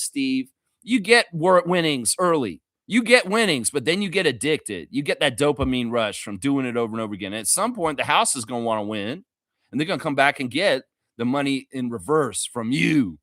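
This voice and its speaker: Animated man hosting a live stream. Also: a little high, no room sound, studio quality. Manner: rambling and animated, laughing often, reading chat aloud. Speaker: livestream host. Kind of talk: casual live-stream chat. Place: Toronto.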